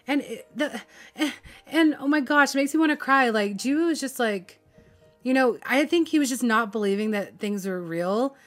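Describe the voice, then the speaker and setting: A woman's voice: a little high, animated, moderate pace, a bit bright, soft background music. A young woman gushing in casual chat about a show she loves, swearing freely and filling her talk with "like". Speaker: vlogger reviewing a drama.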